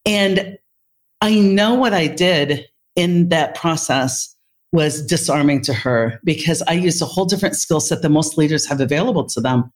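A woman with a slightly lower voice tells a workplace story in an interview. She speaks as a leader in healthcare. Her delivery is animated and vivid. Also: moderate pace.

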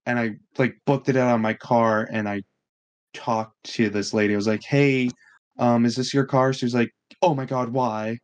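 This young man's mid-range voice is clear and resonant at a moderate pace as he tells a story on a casual podcast. As co-host he stays animated, curses freely and acts out the things others said.

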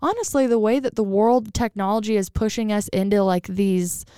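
A woman's voice: medium pitch, moderate pace, clear, resonant tone, dry recording, clean studio sound. A woman co-hosting a podcast in casual, chatty conversation, talking freely about her spiritual experiences. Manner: chatty, animated, acts out voices. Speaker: podcast co-host. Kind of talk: casual chat.

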